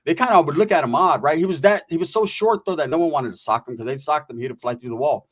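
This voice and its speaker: Fast-talking profane man telling stories. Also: fairly high pitch, slightly rough. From California. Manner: rapid, profane, animated street slang. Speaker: storyteller. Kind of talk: casual storytelling.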